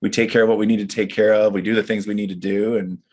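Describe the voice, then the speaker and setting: Earnest man with a lowish voice. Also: little pitch movement, quick pace, darkish tone, slightly rough. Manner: earnest, reflective storytelling. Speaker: men's group leader. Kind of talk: casual chat.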